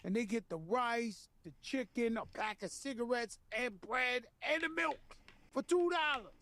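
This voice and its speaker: Animated profane man telling stories. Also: very high-pitched, measured pace, no room sound. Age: 50s. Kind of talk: casual storytelling chat. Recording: faint background noise.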